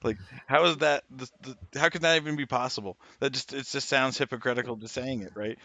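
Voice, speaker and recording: A man's voice: mid-range voice, fairly even intonation, fairly quick, pushed and bright, no echo. A man co-hosting a podcast, talking in a profane, rambling way. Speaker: podcast co-host. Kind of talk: casual podcast chat.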